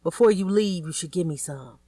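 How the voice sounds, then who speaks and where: A woman's voice: fairly low pitch, brisk, warm tone, breathy edge, no room sound. Narratrice jouant an older wealthy man, cocky, joking, audiobook. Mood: teasing. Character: boastful older rich man, teasing, joking.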